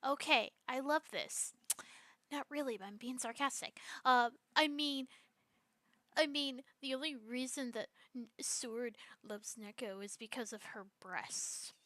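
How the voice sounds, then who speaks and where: Young woman, stream host, bright forceful tone, fairly high voice, sarcastic, reading chat messages, dry close sound. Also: measured pace, dry recording. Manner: aggrieved, sarcastic, reads messages in a rush.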